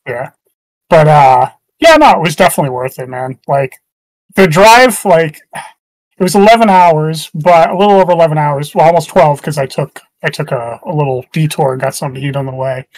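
A man's voice: fairly high pitch, normal speed, dry recording, poor audio. Laughing, rambling man in casual chat. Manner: laughs often, rambling storyteller. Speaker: podcast co-host.

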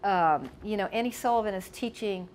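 A woman's voice: mid-range voice, moderate pace, a little mellow, slight background noise. A woman casually reminiscing about her past while showing photos, chatty with many asides. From United States. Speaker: storyteller.

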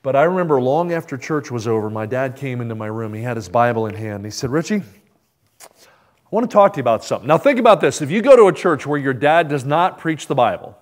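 Animated man telling a sermon story. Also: medium pitch, fast. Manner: animated storytelling, acts out quoted voices, asks the congregation "right?". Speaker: preacher.

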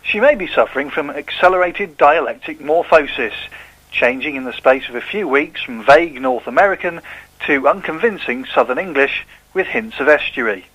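A man reading out a viewer's complaint in a deadpan mock-medical manner. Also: on the high side, normal speed, breathy edge, lo-fi sound.

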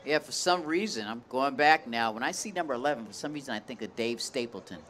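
A man's voice: mid-range voice, expressive, fairly bright tone, a little hiss or hum. A man giving baseball color commentary at an outdoor stadium, folksy and conversational. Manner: folksy, conversational, quick to react.

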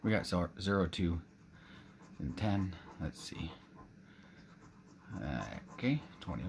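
A man's voice: sits low, animated, slow pace, vocal fry, pauses often, slight background noise. A middle-aged man from Canada doing a casual scratch-off ticket vlog, chatting to viewers and exclaiming often. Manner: frequent exclamations, talks to viewers as guys. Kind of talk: excited casual vlog commentary.

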